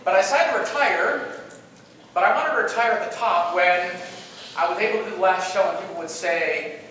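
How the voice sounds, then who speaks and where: A middle-aged man with a high voice tells stories from a conference stage, playful and animated, trading jokes with the crowd. The sound is far off and booming, with a long hall reverb and faint background noise. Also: fairly quick. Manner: animated, playful, joking with the audience. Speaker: keynote speaker. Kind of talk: storytelling conference presentation. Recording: echoey hall, picked up from afar.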